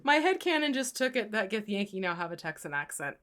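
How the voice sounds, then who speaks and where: A woman co-hosting a casual painting livestream, lively and jokey with bursts of laughter. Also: mid-range voice, brisk. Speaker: co-host learning mini painting.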